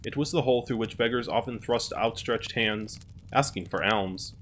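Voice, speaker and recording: A man calmly narrating a fairy tale as a storyteller. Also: on the low side, moderate pace, a little hiss or hum.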